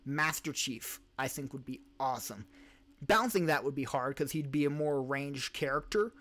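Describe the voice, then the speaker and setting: A man's voice: mid-range voice, moderate pace, a bit bright. A man hosting a casual live-stream Q&A, reading questions from chat and answering in a rambling way, restarting and correcting himself as he talks. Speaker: podcast host and live streamer. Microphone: streaming desk mic.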